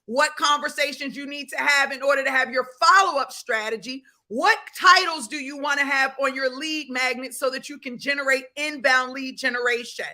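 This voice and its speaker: Casting note: high-voiced, bright and forceful woman, an energetic coach hosting a live class, greeting viewers by name. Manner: hypes up the audience, greets viewers by name, repeats key points.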